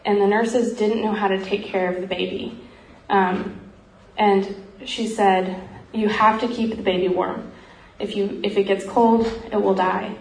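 A woman earnestly telling a missionary story in a heartfelt talk, often pausing with "um" and growing emotional. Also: mid-range voice, little pitch movement, vocal fry, darkish tone. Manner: earnest, frequent ums, grows emotional. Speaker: speaker sharing a missionary story. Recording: roomy echo, faint background noise.

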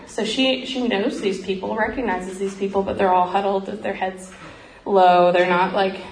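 A woman earnestly telling a missionary story in a heartfelt talk, often pausing with "um" and growing emotional. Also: medium pitch. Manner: earnest, frequent ums, grows emotional. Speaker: speaker sharing a missionary story. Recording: roomy echo, faint background noise.

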